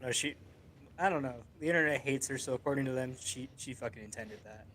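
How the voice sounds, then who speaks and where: A man's voice: medium pitch, fast, a bit bright, slight background noise. A man co-hosting a podcast, laid-back and profane in casual chat. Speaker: podcast co-host.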